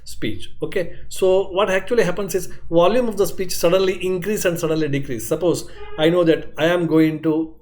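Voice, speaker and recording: A man's voice: high voice, steady tone, normal speed, few pauses, darkish tone. Explaining man lecturing. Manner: explanatory, repeats points, frequent "okay" and "isn't it". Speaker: medical lecturer. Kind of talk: classroom lecture.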